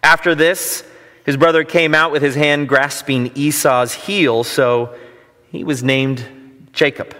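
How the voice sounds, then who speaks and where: Man, pastor, sermon, conversational, joking, bright tense voice, long church reverb. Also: a little high, steady tone, takes it slowly. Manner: conversational, self-deprecating humor.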